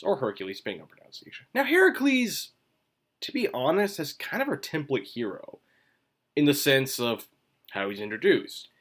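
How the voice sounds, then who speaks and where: A man's voice: on the high side, fairly bright tone. A man hosting a casual solo commentary video, rambling and chewing gum as he talks, with sudden emphatic bursts. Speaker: manga commentary video host.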